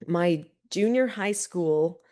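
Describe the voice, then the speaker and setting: Brief: middle-aged woman, slightly low voice, chatty interview guest who tells stories animatedly and with lots of fillers. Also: takes it slowly. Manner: animated storyteller, many fillers like "like" and "you know". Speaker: guest, parenting expert. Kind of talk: storytelling in a podcast interview.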